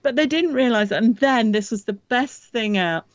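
A middle-aged woman, a guest telling lively, self-deprecating anecdotes in casual chat. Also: fairly high pitch, normal speed, no echo. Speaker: guest space journalist. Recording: dry, slightly dull lo-fi audio.

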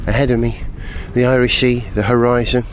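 A man's voice: mid-range voice, level tone, a little fast, a little hiss or hum, rough recording. A middle-aged man, presenting a live radio broadcast from a clifftop beside a rally stage and describing the scene with eager, chatty enthusiasm on a handheld mic. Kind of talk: live outdoor broadcast commentary. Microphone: handheld microphone.

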